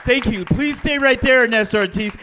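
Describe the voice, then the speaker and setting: A man's voice: very high voice, fairly quick, bright, forceful tone. A male host introducing judges and hyping up the crowd at a live comedy show. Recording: noisy live room with crowd.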